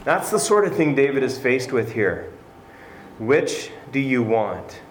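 A man's voice: mid-range voice, big pitch swings, a little slow. A male pastor delivers a sermon in an earnest, conversational tone. His voice sits in a middle register and rises in emphasis on key points. The room echoes around him, with faint noise underneath.

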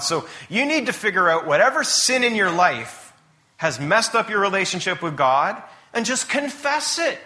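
A man's voice: medium pitch, sharp tone. A man voicing a know-it-all friend who lectures and explains what has gone wrong.

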